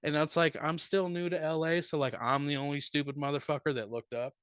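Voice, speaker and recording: A man telling a profane, rambling comic story as a comedian guest on a live podcast, swinging between loud bursts and mutters. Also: on the high side, a little fast, very noisy. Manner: animated, profane, rambling anecdote with big swings in loudness.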